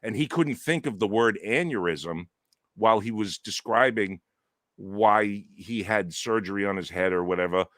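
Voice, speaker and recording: A man's voice: fairly low pitch, normal speed, a bit bright, dry recording, clean studio sound. A man co-hosting a casual podcast chat, cracking crude, self-mocking jokes. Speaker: podcast co-host.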